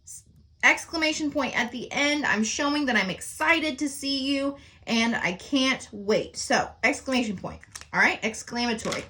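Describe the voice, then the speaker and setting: A woman's voice: high-pitched, normal speed, bright, forceful tone. A woman teacher explaining sentence types in a recorded lesson, often checking in with "okay?" and "right?".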